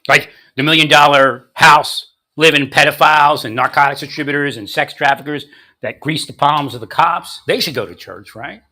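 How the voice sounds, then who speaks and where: A man's voice: fairly high pitch, normal speed, sharp tone, dry recording, studio quality. A man delivering a confrontational monologue, angrily ranting at unseen opponents. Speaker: vlogger.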